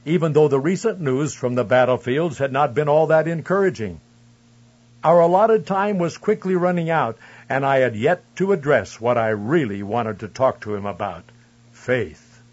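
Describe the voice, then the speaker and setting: Husky man narrating an earnest memoir. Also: on the high side, muffled recording. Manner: measured, earnest storytelling.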